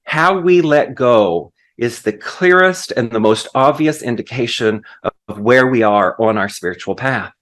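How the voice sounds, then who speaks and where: A man preaching as a guest minister, moving from a hushed prayer into lively storytelling. His voice sits at an ordinary male pitch. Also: unhurried, few pauses. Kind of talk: sermon.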